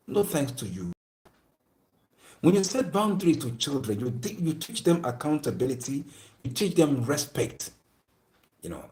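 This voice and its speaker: A man's voice: fairly high pitch, sing-song, moderate pace, long pauses, darkish tone. A man gives an emphatic, moralizing lecture to his viewers and often repeats his phrases. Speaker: speaker addressing viewers.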